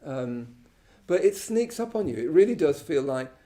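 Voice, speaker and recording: A man's voice: a little high, sing-song, moderate pace, few pauses, mellow. An English man giving an informal Buddhist talk to a live class, chatty and self-deprecating, often checking in with "you know" and "yeah?". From England. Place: shrine room at a Buddhist centre, live class.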